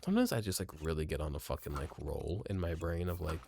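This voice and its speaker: His voice is very deep, creaky, a little mellow, and slightly rough, expressive and fast. As a let's play streamer at a home desk mic, he gives casual, profane, rambling commentary, mocking himself and jumping from muttering to exclaiming.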